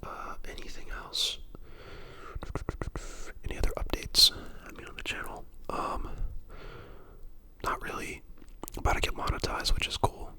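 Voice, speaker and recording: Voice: measured pace, pauses often, sharp tone. A person in their twenties whispering a casual ASMR ramble at home, chatty and full of fillers. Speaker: ASMR creator and dental student.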